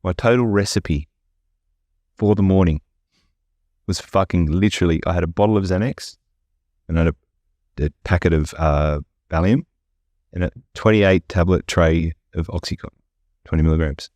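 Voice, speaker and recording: A man hosting a podcast, rambling and swearing freely in a casual chat while high on edibles. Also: moderate pace, long pauses, darkish tone, dry recording. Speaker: podcast host.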